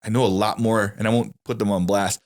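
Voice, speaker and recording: This podcast host, a young adult man, talks quickly in a voice on the low side. Chatting casually, he spins stories with lots of energy and acts out the people he quotes.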